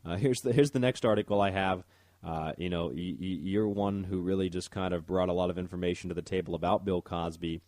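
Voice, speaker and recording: Man, very low voice, rambling talk radio host, dry close mic. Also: fairly even intonation, a little fast, a little mellow, dry recording. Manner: rambling, stumbles over words, reads articles aloud.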